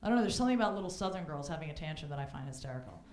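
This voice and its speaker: Low, expressive and racing, her voice has a darkish tone as she performs stand-up on a club stage. The set is brash and bawdy, full of mocking impressions of the people she quotes, recorded in an echoey club room.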